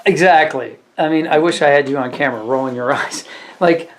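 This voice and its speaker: Waiter, male, slightly higher voice; casual rambling storyteller, filler-heavy, builds to animated. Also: fairly quick. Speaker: restaurant waiter.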